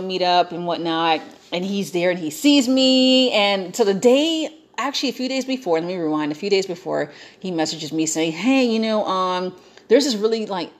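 A young woman chatting casually, telling an animated story and quoting herself and others along the way. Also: mid-range voice.

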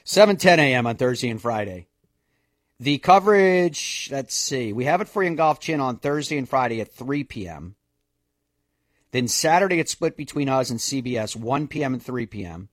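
Man, golf radio host, casual, jokey, mid pitch, dry close sound. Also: expressive, normal speed, no echo. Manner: chatty, jokey, rattling off schedules.

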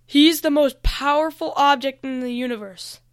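Lane, a shouting villain dragon, as a woman puts him on. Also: high-pitched, normal speed, voice pushed up, lightly acted. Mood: menacing. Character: evil black dragon villain, male, scheming.

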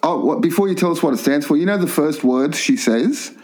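A man's voice: on the high side, fairly quick, low-quality recording. A man co-hosting a casual chat, telling stories with lots of swearing and laughter. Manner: profane, animated storyteller.

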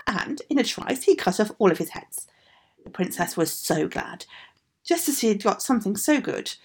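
A woman reading a fairy tale aloud in an expressive, sing-song manner. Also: mid-range voice, normal speed, slightly rough. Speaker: storyteller.

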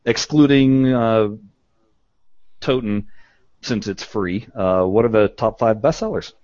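A man hosting a podcast in casual chat. He is chatty, laughs often and fills his pauses with "uh". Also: lowish voice, a little mellow, no echo, highs cut off. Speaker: podcast host.

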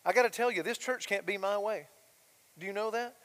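A middle-aged man, preaching in a high, light voice. He talks in a chatty way, throwing out asides and questions to the congregation. His words ring out with the long reverb of a church sanctuary. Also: fairly quick, fairly bright tone. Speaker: pastor. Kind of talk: sermon.

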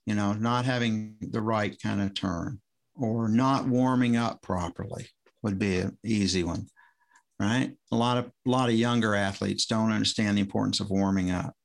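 A man with a gravelly, slightly creaky voice talks casually as a podcast guest. He rambles and restarts his sentences, chuckling now and then as he tells stories about coaching. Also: lowish voice. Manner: rambling, self-interrupting, chuckling storyteller. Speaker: former swim coach, guest.

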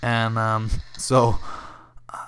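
A man's voice: on the low side, flat delivery, extremely slow, fairly bright tone, smooth. A man in his thirties, a fighter, chatting casually on a podcast and rambling through a story while acting out the people he quotes. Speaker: MMA fighter.

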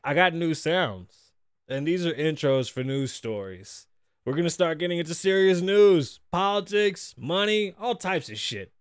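High-voiced man ranting casually in a dry studio. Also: measured pace, smooth, no room sound, faint music behind. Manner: animated, swearing, acts out quotes in loud bursts. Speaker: podcast host. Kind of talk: casual profane talk-show rant.

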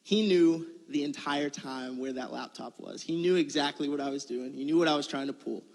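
A man's voice: a little high, brisk, long reverb tail. A man giving a conversational sermon, telling a personal story in a casual, earnest way. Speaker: preacher.

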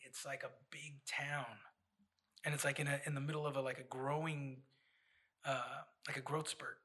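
A man hosting a casual podcast chat, profane and animated, hyping up his guests. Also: mid-range voice, moderate pace. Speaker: podcast host.

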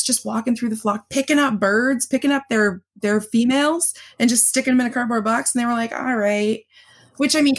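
A woman co-hosting a podcast, telling blunt, profane stories in casual chat and often laughing. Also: fairly high pitch. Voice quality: gravelly, husky. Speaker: podcast co-host.

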